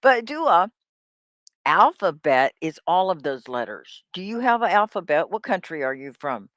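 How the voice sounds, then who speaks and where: A woman's voice: fairly low pitch, sing-song, a little slow, a bit bright, dry recording, studio quality. A middle-aged woman teaching a live online English class, upbeat and encouraging as she speaks to viewers in the chat by name. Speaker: ESL teacher.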